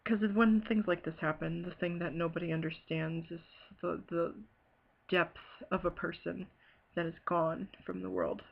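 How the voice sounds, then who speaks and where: A woman from Ohio telling a personal story in a halting, hesitant way, full of fillers and pauses. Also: lowish voice, fairly even intonation, vocal fry, muffled recording. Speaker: bereaved sister telling her story. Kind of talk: personal testimony.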